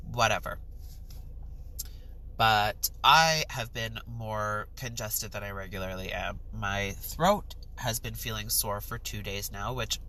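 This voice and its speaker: A young woman rants to the camera in her vlog. She is exasperated and swears freely. Her voice sits low and drawls slowly, with a bright, tense edge. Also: rough recording. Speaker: vlogger. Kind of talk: ranting storytime vlog.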